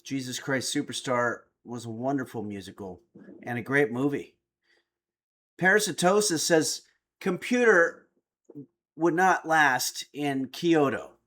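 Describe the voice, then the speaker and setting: A man's voice: medium pitch, a little slow, a bit bright. A middle-aged man streaming, reading viewer chat aloud with dry, joking replies. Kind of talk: casual chat.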